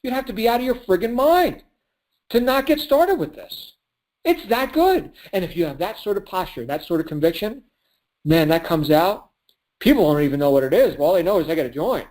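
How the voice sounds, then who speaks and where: A man's voice: high-pitched, sing-song, a little fast, a little mellow, low-quality recording. A man giving an emphatic motivational pep talk as a business coach on a group call, laughing at his own points.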